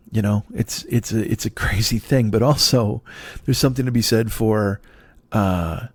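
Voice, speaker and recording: A man in his forties, a comedian hosting his own podcast, rambling in a profane, self-deprecating monologue from his dark apartment. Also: fairly low pitch, dry recording. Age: 40s.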